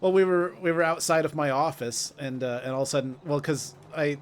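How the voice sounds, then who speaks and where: A man's voice: on the high side, fairly even intonation, brisk. Laid-back young man, faint noise behind. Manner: laid-back, rambling, chuckles. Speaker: streamer and co-host. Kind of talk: casual chat.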